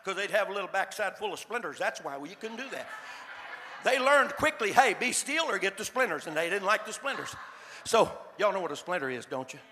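An older man with a drawl tells a sermon story in a folksy, repetitive way, stumbling over his restarts. His voice sits high and bright with a gravelly edge. It echoes with a long reverb, as if he were in a large church hall. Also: lively intonation, brisk. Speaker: preacher.

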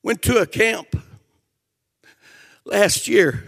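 An older male preacher delivers a fervent sermon in a high, gravelly voice. He swings between shouted declarations and hushed, emotional storytelling. He sounds moved as he speaks. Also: extremely slow.

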